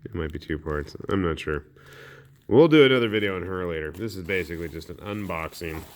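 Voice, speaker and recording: A man with a very low, deep voice talks through an unboxing for his miniatures channel. He chats casually and thinks aloud as he turns over each part, easygoing and unscripted. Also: lively intonation, a little fast, a little hiss or hum. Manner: chatty, thinking aloud while handling parts. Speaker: miniatures hobby channel host.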